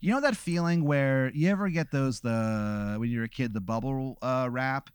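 A man's voice: mid-range voice, moderate pace, smooth, no echo. A man co-hosting a podcast who improvises a comic story in the second person and rambles with lots of fillers. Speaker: podcast co-host.

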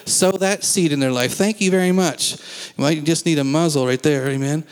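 Pastor preaching in a reverberant church hall. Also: male voice, fairly high pitch, moderate pace, smooth. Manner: conversational preaching, asks the congregation questions. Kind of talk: sermon. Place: church sanctuary.

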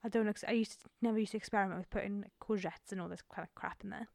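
A woman's voice: medium pitch, fairly even intonation, very fast, creaky, a little mellow, dry recording, clean studio sound. A woman in her twenties co-hosting a podcast, telling a rambling, self-mocking story in casual chat at home. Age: 20s. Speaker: podcast co-host. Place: home room with door open, traffic outside.

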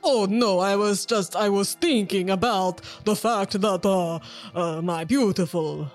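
A woman's voice: mid-range voice, soft background music, lightly acted. A woman voicing a boisterous, dim-witted middle-aged nobleman who talks in a theatrical, effusive way. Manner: theatrical and effusive, slow and grand.

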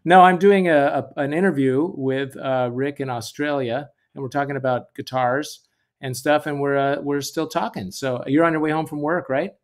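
A man's voice: on the high side, steady tone, normal speed. A middle-aged man, a musician, talking as the guest in a casual interview, easygoing and full of fillers.

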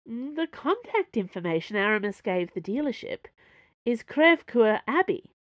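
A woman's voice: on the high side, sing-song, normal speed, dry recording, highs cut off, voice pushed up. A woman voicing an awkward, hesitant young woman in a read-aloud story. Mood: nervous.

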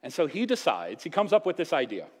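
A man gives a Sunday sermon from the pulpit. His voice swings widely in pitch as he moves from earnest teaching to playful, acted-out asides. A long church reverb hangs behind every phrase. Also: quick pace, breathy edge. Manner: lively preaching with playful asides and acted-out quotes. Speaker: pastor. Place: church sanctuary.

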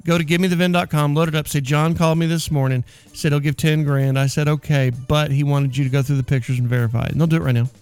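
A brash, high-voiced man with a drawl hosts a radio talk show. He jokes and teases in loose, casual banter while music plays faintly underneath. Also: flat delivery, fast talker, hardly any pauses, darkish tone, clear, resonant tone. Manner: brash, joking, teasing.

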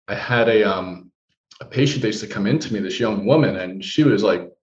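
A man, a guest in a casual interview, telling a story in an animated way and acting out the voices he quotes. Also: fairly low pitch, brisk. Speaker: guest, holistic practitioner. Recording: roomy, dull lo-fi sound.

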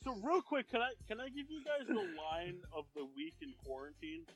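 A man's voice: very high voice, very animated, brisk, faint music behind. A man hosting a podcast, joking and bossing his co-hosts around in casual banter. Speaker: podcast host. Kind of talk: casual chat.

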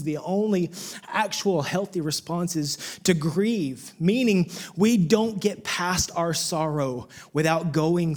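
A pastor with a fairly high voice preaches an impassioned sermon. He swings from loud emphasis down to hushed near-whispers.

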